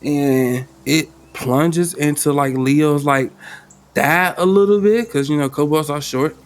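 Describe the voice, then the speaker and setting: A man running a solo tabletop game as game master, talking loosely in slang and thinking out loud. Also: on the high side, slow. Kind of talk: casual tabletop game narration.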